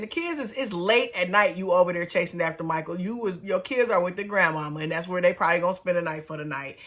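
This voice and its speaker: A young woman talks through a reality TV episode in a loose, slangy way. She is sassy and animated, acting out the people she quotes in loud, high voices. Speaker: reality TV recap host. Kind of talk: casual recap commentary.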